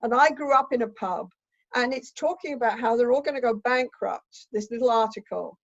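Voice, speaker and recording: A woman's voice: fairly high pitch, a little fast, highs cut off. An older woman, a relationship expert, explaining ideas thoughtfully in conversation with examples.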